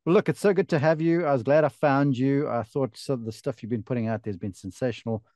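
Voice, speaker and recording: A man's voice: mid-range voice, fast talker, a little mellow, no echo, clean studio sound. Chatty South African man hosting. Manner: chatty, enthusiastic, frequent restarts. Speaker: podcast host and golf broadcaster. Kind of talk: casual interview chat.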